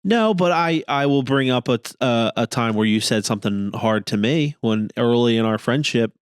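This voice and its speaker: A man's voice: medium pitch, expressive, moderate pace, smooth, dry recording, clean studio sound. A man from New Jersey co-hosting a church podcast, chatting casually with a sarcastic, joking manner. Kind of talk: casual chat.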